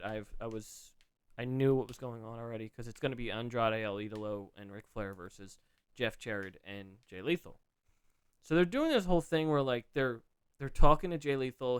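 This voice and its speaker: A man at a middle pitch with a smooth, clean voice, chatting casually on a podcast. He rambles through a recap, restarting sentences and leaning on fillers as he goes. The sound is dry and close, with no room around it. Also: no echo. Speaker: podcast co-host. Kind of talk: casual chat.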